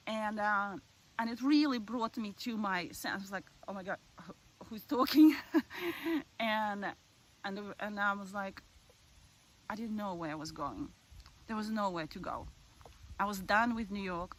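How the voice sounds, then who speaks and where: A woman's voice: mid-range voice, pushed and bright, rough recording. A woman with a voice, earnestly telling a personal story about her spiritual path, with restarts and small laughs. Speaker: spiritual video host.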